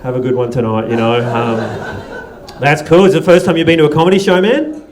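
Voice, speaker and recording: A man's voice: a little high, fairly even intonation, fast talker, noisy background. An Australian man hosting a stand-up comedy night, loose and profane, teasing the audience and laughing between lines. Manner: loose, swearing, teasing the crowd, laughing often. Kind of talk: stand-up crowd work. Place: comedy club stage.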